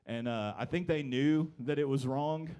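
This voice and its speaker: A young man doing a stand-up comedy set in a live comedy club, telling stories with wry deadpan delivery. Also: medium pitch, normal speed, clear, resonant tone.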